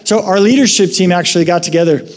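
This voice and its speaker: A man preaching a sermon as a pastor, conversational and animated as he tells a story. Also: sits high, quick pace, big-room sound. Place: church sanctuary.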